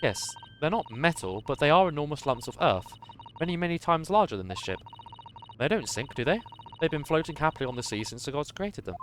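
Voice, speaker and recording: A courteous young woman assistant speaks gently and patiently, explaining with care, as a man puts her on. Her lines move in lively pitch, with a faint hiss behind them. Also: fairly quick.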